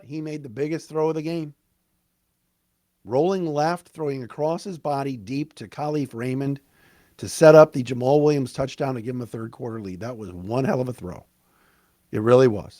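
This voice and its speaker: A man hosting a solo sports podcast, recapping a game in an excited, emphatic, conversational way. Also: mid-range voice, no room sound, studio quality. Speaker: podcast host.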